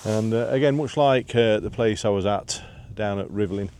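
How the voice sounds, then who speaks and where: On a windy hillside path, a vlogger films his walk and narrates casually, his voice on the low side with a darkish tone and moderate pace over slight background noise. Winded after the climb, he rambles, says "uh" a lot, and jokes at his own expense.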